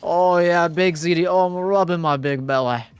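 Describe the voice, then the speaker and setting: A young man doing a booming, exaggerated impression of a gruff male ogre with a thick brogue. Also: moderate pace, no room sound, lightly acted. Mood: gloating.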